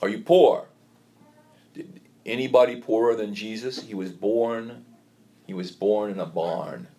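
Halting low-voiced man preaching. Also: dark tone. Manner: halting, repeats words, storytelling. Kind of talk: sermon.

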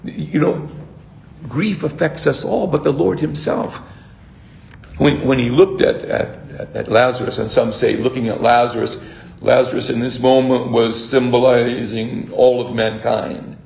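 An older man preaching a sermon as a priest, reflective and halting, often restarting his words. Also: mid-range voice, fairly even intonation, vocal fry, a little mellow, echoey room, lo-fi sound.

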